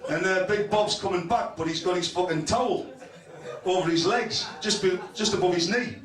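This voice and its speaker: In a club function room packed with an audience, a high-voiced man emcees an awards night at a moderate pace, roasting people with crude, profane jokes and chuckling through them. The room echoes, he sits far from the microphone, and loud crowd laughter fills the background.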